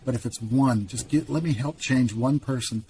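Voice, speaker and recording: A man's voice: medium pitch, moderate pace, mellow, a little hiss or hum. A man, a podcast guest, telling a heartfelt personal story in an earnest, emphatic way and chuckling now and then.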